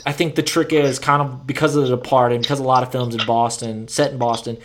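A man's voice: medium pitch, little pitch movement, quick pace, background noise. A man hosting a casual chat, talking in a rambling way with many restarts and plenty of swearing.

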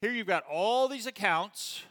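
A man leading a Bible study class, talking casually with his group and often asking "okay?", and reading scripture slowly and with emphasis. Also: high-pitched, lively intonation, fairly bright tone, big-room sound. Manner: conversational, checks in with "okay?" often.

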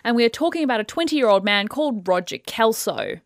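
A woman's voice: fairly high pitch, fairly quick, no room sound, studio quality. A woman co-hosting a podcast, telling a true-crime case in casual chat and now and then putting on a news-reader delivery. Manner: animated storyteller, slips into a crisp news-reader delivery. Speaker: podcast co-host.

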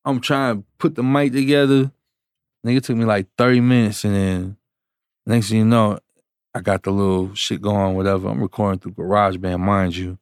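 A man, a music producer, telling a story in casual chat, slangy and animated, acting out the people he quotes. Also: lowish voice, normal speed, clear, resonant tone, no echo, studio quality.

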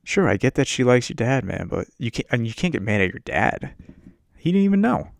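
A man's voice: medium pitch, lively intonation, fairly quick, vocal fry, dry recording, studio quality. A man hosting a casual podcast, ranting about a movie in a crude, rambling and self-mocking way. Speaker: podcast host. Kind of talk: casual profane movie rant. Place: home setup while on a muted work meeting.

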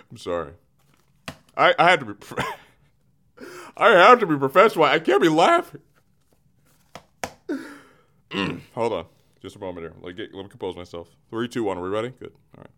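A man's voice: on the high side, very animated, moderate pace, long pauses, sharp tone. Theatrical man ranting about sports. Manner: theatrical, self-interrupting, giggly. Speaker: comedic sports segment host. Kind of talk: comedic in-character sports rant. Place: radio studio. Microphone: studio mic.

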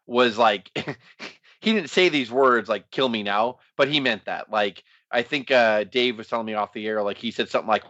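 A man's voice: mid-range voice, normal speed, sharp tone, no echo, lo-fi sound. A man co-hosting a casual wrestling podcast, profane and laughing, ranting and slipping into mocking voices. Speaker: podcast co-host.

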